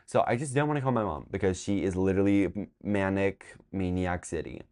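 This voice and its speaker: A man's voice: low-pitched, brisk, darkish tone. A young man telling a storytime vlog in a rambling, exasperated way, swearing as he goes. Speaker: vlogger.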